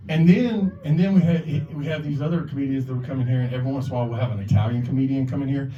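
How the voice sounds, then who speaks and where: A man's voice: mid-range voice, very fast, crowd noise. A man doing a rambling, profane stand-up set as the open mic host, acting out the voices of the people he quotes. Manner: profane, rambling, swears a lot. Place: bar or club stage. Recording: echoey, lo-fi, from far off.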